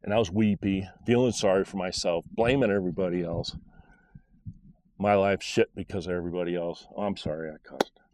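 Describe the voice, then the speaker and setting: A man's voice: low voice, a little fast, a little mellow, dry recording. A middle-aged man telling a personal faith story in a rambling, earnest, conversational way. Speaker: podcast storyteller.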